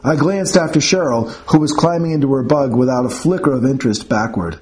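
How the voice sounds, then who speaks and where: A man reading first-person audiobook narration in a measured, wry storytelling manner. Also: mid-range voice, darkish tone.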